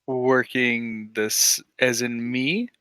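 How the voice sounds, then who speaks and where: A man's voice: medium pitch, steady tone, drawn-out words, bright, forceful tone, clear, resonant tone, dry recording. A man playing a bard at the table, answering with hesitant, stammering lines. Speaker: player. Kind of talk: in-character table talk.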